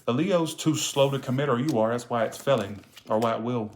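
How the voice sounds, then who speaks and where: A man's voice: medium pitch, a little fast, slight background noise. A man giving a casual live-streamed tarot reading, blunt and profane, scolding viewers and dropping "all right?" into his lines. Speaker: tarot reader.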